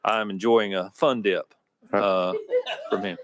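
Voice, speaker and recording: Slow-talking amused man legislator. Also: fairly low pitch, fairly even intonation, crowd noise. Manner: amused, unhurried with hesitations. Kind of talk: committee remarks.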